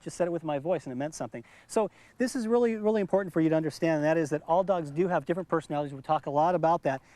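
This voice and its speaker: A middle-aged man with a slightly high voice teaches in a patient, explanatory way. He leans on repeated words to stress his points. It is a calm instructional demonstration recorded outdoors. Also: very fast, no echo. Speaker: dog trainer.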